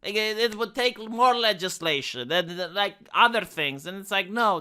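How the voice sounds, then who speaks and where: Exasperated Romanian-accented man, high and sharp. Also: animated, moderate pace, clean tone. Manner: exasperated, swearing, emphatic repetitions. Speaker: streamer commentator. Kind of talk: reaction commentary. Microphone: desk microphone.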